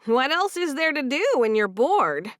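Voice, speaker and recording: A woman's voice: sits high, big pitch swings, unhurried, no echo, clean studio sound, voice pushed up. A woman voicing a sleepy, easygoing young Amish woman who teases her husband. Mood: cheerful.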